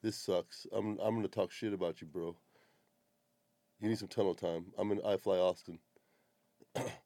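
A man's voice: deep voice, fairly even intonation, normal speed, mellow, no room sound. Blunt, foul-mouthed man hosting a podcast. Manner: blunt, swears a lot, exasperated critique. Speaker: podcast host. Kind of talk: casual profane chat and video commentary.

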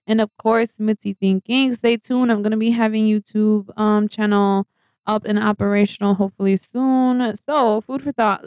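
A woman's voice: fairly high pitch, darkish tone, clean tone, no echo. A woman hosting a casual solo podcast who reads out facts and quotes, chatting and giggling at her own asides. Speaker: podcast host.

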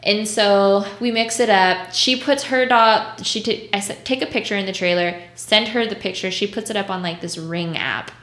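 With a steady, fairly bright mid-range voice, she talks at normal speed and barely pauses. She's a mobile dog groomer telling blunt, casual stories full of swearing, acting out what other people said, in a room with a roomy echo.

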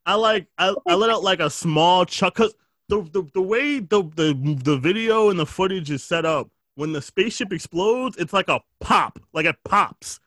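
A man's voice: high-pitched, lively intonation, moderate pace, a bit bright, no echo. A man chatting casually as a podcast co-host, telling stories with jokes, swearing and lots of fillers. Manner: joking storyteller, swears freely, lots of fillers. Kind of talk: casual chat.

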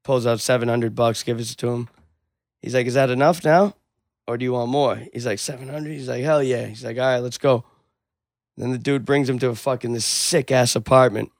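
A man's voice: medium pitch, a little fast, no echo, studio quality. A man retelling a story in casual chat, acting out the dialogue with lots of swearing. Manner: animated storyteller, acts out dialogue, swears a lot.

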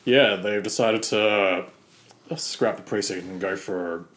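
A man's voice: on the low side, a little slow, a bit bright, slight background noise. A man as a fed-up Australian fire chief. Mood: exasperated. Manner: exasperated, grumbling, swears freely. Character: weary veteran male fire chief. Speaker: comedy podcast co-host. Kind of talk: improvised comedy role-play.

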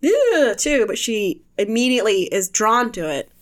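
A woman co-hosting a casual chat, animated and enthusiastic, laughing often. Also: medium pitch, normal speed. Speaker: podcast co-host.

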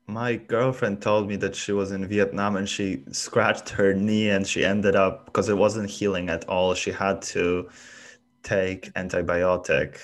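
Low-voiced man, curious casual host. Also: level tone. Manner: curious interviewer, halting restarts. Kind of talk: casual chat.

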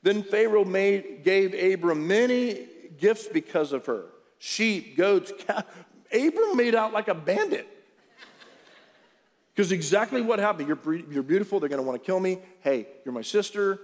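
A man's voice: high voice, very animated, normal speed. A man preaching a conversational sermon to his congregation in a church service, mixing scripture reading with jokes. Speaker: pastor. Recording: long church-hall reverb.

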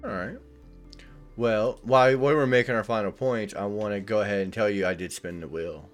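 A man's voice: lowish voice, brisk, soft background music. A man with a Southern US accent hosting a casual podcast chat, loose and joking. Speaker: podcast host.

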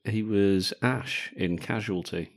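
A deep-voiced man co-hosting a casual film podcast. He teases and cracks jokes, often laughing as he talks, with a low, easygoing tone throughout. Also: takes it slowly. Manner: jokey, laughs often, teasing. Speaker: podcast co-host. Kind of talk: casual film-review chat.

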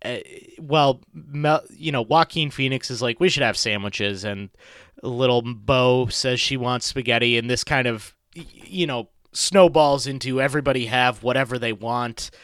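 A man's voice: medium pitch, normal speed, a bit bright, no room sound, clean studio sound. A man co-hosting a casual movie podcast, sarcastic and profane, cracking jokes while recapping the plot. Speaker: podcast co-host.

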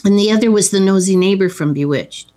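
A woman's voice: mid-range voice, a little fast, mellow. A woman in casual chat about a film, adding trivia and wry asides.

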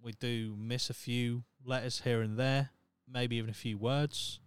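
A man in his thirties with a Norfolk English accent rambles through a solo podcast, swearing freely and poking fun at himself. His voice is smooth and clear at a middling pitch. The sound is close and dry. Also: level tone, a little slow, no echo. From Norfolk, England. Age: 30s. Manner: rambling, profane, self-mocking. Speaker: podcast host. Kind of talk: casual solo podcast monologue.

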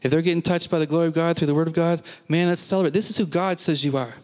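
A man's voice: a little high, fairly even intonation, rapid-fire, a little mellow, long reverb tail. A man preaching a sermon to a congregation, emphatic, repeating phrases and asking the listeners questions. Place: church.

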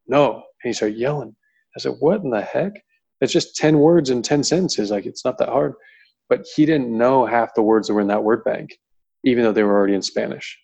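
A man's voice: lowish voice, darkish tone, rough recording. A man in his thirties, a coach answering on a panel, talking earnestly and rambling with lots of fillers. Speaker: pitching coach.

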